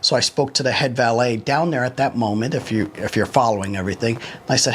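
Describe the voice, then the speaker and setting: A man's voice: medium pitch, a little fast, hardly any pauses, fairly bright tone, husky. A man who runs a valet company telling a long story about a former employee in a casual, rambling way, acting out what others said. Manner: rambling, conversational, quotes others in dialogue.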